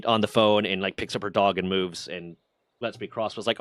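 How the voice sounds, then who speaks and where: A man hosting a livestream, telling stories to his chat in a profane, animated way. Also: fairly low pitch, normal speed, dry recording, studio quality. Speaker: livestream host. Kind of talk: casual storytelling to a stream chat.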